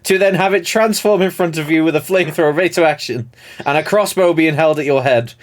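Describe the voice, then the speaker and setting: A man's voice: fairly high pitch, quick pace. A man running a tabletop game as game master, narrating the scene and ruling on rolls in a rambling way with many fillers and frequent laughter.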